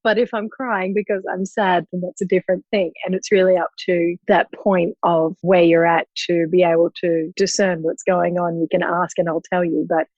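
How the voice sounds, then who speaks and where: A woman's voice: on the low side, flat delivery, normal speed, hardly any pauses, a little mellow, dry recording. A woman, a guest speaking openly and reflectively in an interview. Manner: open, reflective, emotional. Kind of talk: candid conversational interview. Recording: dull, dry lo-fi audio.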